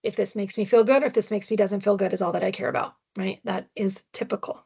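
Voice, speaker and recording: A woman's voice: medium pitch, fairly even intonation, quick pace, vocal fry, a little mellow, slightly rough, muffled recording. A woman presenting a parenting webinar with slides, talking conversationally and often checking in with tag questions. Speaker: adoption parenting educator.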